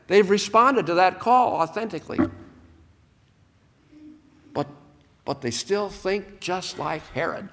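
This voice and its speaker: A man preaches a sermon in a high, lively voice that climbs and falls through each phrase. He slows down to lean hard on key words. The sound carries a long reverb, as in a big hall. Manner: emphatic, lively pitch with slowed, stressed key words. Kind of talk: sermon on a Gospel text.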